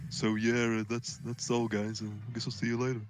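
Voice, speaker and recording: A man imitating a laid-back male streamer with a flat monotone delivery. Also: mid-range voice, brisk, natural voice. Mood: droning.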